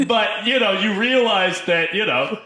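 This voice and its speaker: A man co-hosting a film podcast, retelling movie scenes in casual, animated chat with frequent laughs. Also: high-pitched, unhurried, echoey room, heavy background noise. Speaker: podcast co-host.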